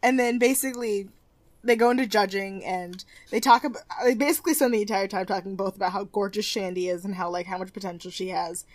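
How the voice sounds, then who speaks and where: A woman's voice: mid-range voice, fast talker, no echo. A young woman co-hosting a podcast, casually recapping a TV show with lots of "like" and frequent laughs. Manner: chatty, lots of "like", laughs often. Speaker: podcast co-host.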